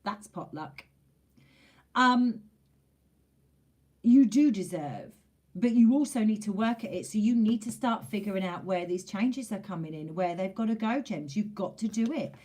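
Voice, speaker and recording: Speaking a little slowly in a mid-range, darkish voice, a woman gives a casual tarot reading to camera. She's chatty and emphatic, makes her points by repeating phrases and sometimes uses a mild swear word.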